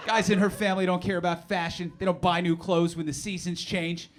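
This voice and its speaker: A middle-aged man with a fairly high voice performs stand-up on a club stage. He talks in a sarcastic, animated way full of mock-outraged asides. The live recording carries clear audience noise behind him. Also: fairly quick, hardly any pauses. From New Jersey. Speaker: stand-up comedian. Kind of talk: stand-up comedy set.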